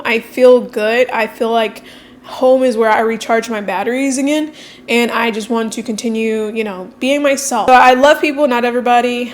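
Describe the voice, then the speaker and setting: A woman speaking candidly and quickly in a casual personal vlog, with frequent fillers. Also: on the high side, slight background noise. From Mexican heritage. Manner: fast-talking, candid, many fillers. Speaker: coach and content creator.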